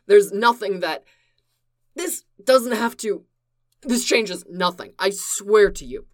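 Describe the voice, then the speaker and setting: A woman's voice: mid-range voice, animated, takes it slowly. A woman voicing an earnest young man in a storybook reading, sincere and pleading.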